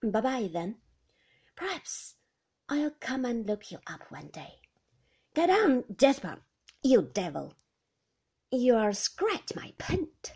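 A woman reading the lines of a teasing, flirtatious man in a story, speaking loudly. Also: a little high, big pitch swings, slow, pauses often, slightly rough, heavily acted. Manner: teasing and loud. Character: cheeky, flirtatious man in sports car.

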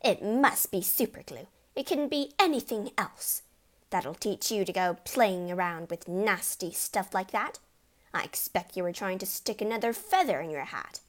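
A bossy middle-aged mother scolds and lectures with a sharp tongue, as a woman acts her out. Her voice is crisp and tart throughout a storybook telling. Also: medium pitch, expressive, moderate pace, natural voice. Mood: scolding.

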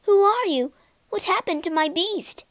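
Earnest, devoted young heroine, bright and high, a woman doing the voice. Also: animated, a little slow, heavily acted.

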